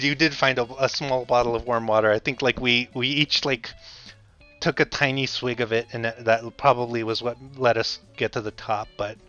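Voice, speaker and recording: A man's voice: medium pitch, bright, forceful tone. A man streamer telling a story in a casual, rambling way, often correcting himself and chuckling. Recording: slightly dull audio, faint music. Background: faint music.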